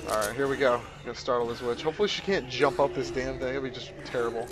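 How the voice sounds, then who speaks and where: A man's voice: medium pitch, fast talker. A man giving casual let's-play commentary, swearing and crying out when startled. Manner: lively, swearing, startled outbursts. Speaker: gameplay commentator.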